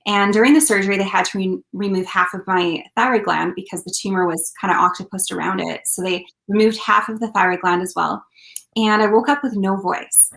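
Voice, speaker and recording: A woman's voice: medium pitch, fairly even intonation, fairly quick, creaky, a bit bright. A woman, a country singer, telling her story earnestly in a casual interview, with lots of fillers. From Canada. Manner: earnest, heartfelt, many fillers.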